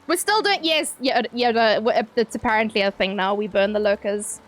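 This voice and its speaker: A young woman with a high, bright-pitched voice chatting live with her stream audience. She talks in a loose, playful way, tossing out swear words and breaking into laughs. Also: fairly quick. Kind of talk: casual live-stream chat with viewers.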